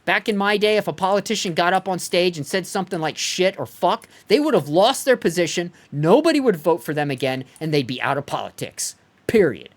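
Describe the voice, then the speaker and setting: A man's voice: high voice, expressive, fairly quick. A man ranting heatedly and profanely during a game live stream, sometimes mocking others in put-on voices. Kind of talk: live-stream rant while gaming.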